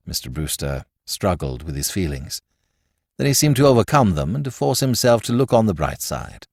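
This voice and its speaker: Expressive male storyteller. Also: deep voice, moderate pace, vocal fry, no room sound, clean studio sound. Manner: expressive, varied storytelling delivery. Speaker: narrator. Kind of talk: scripted audiobook narration.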